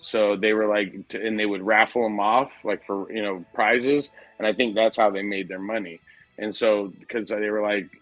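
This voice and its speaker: Host, forties, low and dry, swears freely, says dude, loose storyteller. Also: male voice, steady tone, moderate pace, a bit bright, dry recording, dull audio, soft background music. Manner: profane, rambling storyteller, says dude a lot. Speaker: podcast host. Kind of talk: casual chat.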